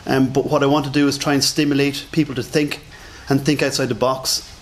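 A man's voice: medium pitch, flat delivery, brisk. Chatty man giving a conference lecture. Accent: non-standard English accent. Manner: self-deprecating, chatty, many fillers. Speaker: conference speaker.

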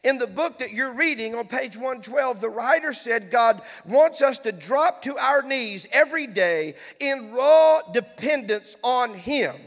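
A man, a pastor preaching a fervent sermon that builds to shouting in a church sanctuary. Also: very high voice, lively intonation, unhurried, few pauses. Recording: long church hall reverb.

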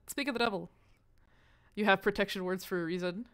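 A woman streaming live, chatting casually with her viewers. Her voice is smooth and clear, at a medium pitch. She gets excitable, cursing freely and breaking into loud shrieks, and she repeats foreign phrases aloud as she drills them. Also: a little fast, pauses often. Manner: excitable, swears, sudden loud outbursts.

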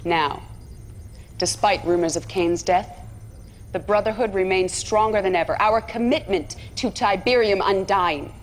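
An actress voicing a persuasive female cult propagandist who narrates a measured recruiting speech in a game cutscene. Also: mid-range voice, slight background noise, close to an everyday voice.

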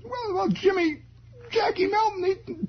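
A man voicing an excitable eight-year-old boy who stammers and repeats himself in a shrill voice. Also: measured pace, slight background noise, full character voice. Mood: panicked. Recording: dull old radio broadcast.

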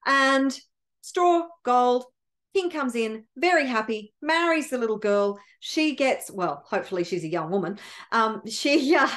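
A woman mindset coach retelling a fairy tale in a chatty, animated way, often correcting herself. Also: fairly high pitch, unhurried. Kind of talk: casual storytelling.

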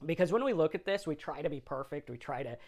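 A middle-aged man gives an informal motivational talk about recovery from drinking. He speaks conversationally and often ends a point with a quick "right?" to check in with the listener. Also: on the high side, lively intonation, darkish tone. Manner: conversational, tags lines with "right?". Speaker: sobriety talk host.

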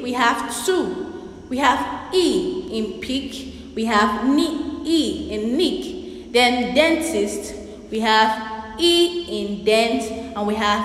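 A woman's voice: on the high side, a bit bright. A woman teaching young children a spelling and reading lesson, spelling words out letter by letter and repeating them. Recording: echoey room with long reverb.

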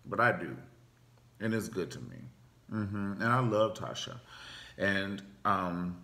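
A man vlogging as a stand-up comic, giving a profane comedic commentary rant with big, animated swings in pitch. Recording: roomy echo.

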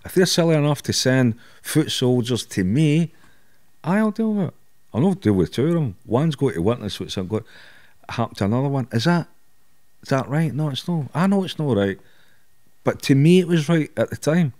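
A man's voice: medium pitch, sing-song, moderate pace, darkish tone. A middle-aged Scottish man, a podcast guest, telling blunt stories in a candid interview, swearing and laughing at himself.

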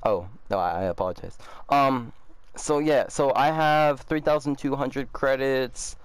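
A man's voice: medium pitch, unhurried, smooth, dry recording. A man, a gaming YouTuber, talking casually and upbeat, full of fillers like "bro" and "um". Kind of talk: casual gaming chat and video outro.

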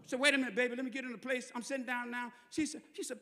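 A Southern preacher storytelling from the pulpit speaks rapid-fire, his very high, bright, forceful voice showing little pitch movement. He moves from relaxed conversation to fervent shouting, echoing with the long reverb of the church sanctuary.

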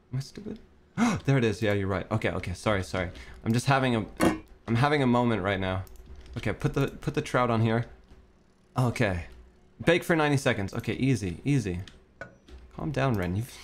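A man's voice: medium pitch, lively intonation, a little fast. A young man streaming a cooking game, talking to himself in a frantic, swearing rush and breaking into panicky outbursts. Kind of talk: gameplay commentary.

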